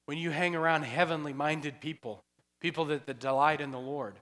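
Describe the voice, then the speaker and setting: Joking pastor in a reverberant church. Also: male voice, fairly high pitch, steady tone, brisk, a bit bright. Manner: chatty, joking asides, laughs often. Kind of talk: sermon. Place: church sanctuary.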